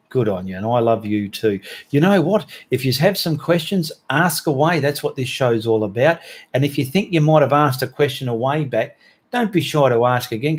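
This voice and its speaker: A man's voice: mid-range voice, darkish tone. A middle-aged Australian man with a mid-range voice, hosting a casual live stream. He greets viewers by name and jokes around in broad Aussie slang. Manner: chatty and joking, with Aussie slang. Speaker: host reading live chat.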